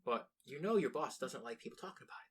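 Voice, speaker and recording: A man's voice: medium pitch, expressive, quick pace, slight background noise. A young man co-hosting a casual podcast, rambling, restarting sentences and swearing freely. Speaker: podcast co-host. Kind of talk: casual chat.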